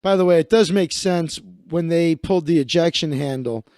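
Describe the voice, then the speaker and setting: A man's voice: a little high, normal speed, a little mellow, no echo, studio quality. Sarcastic male stream host. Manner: sarcastic, profane asides. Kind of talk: comedic live-stream commentary reading the news.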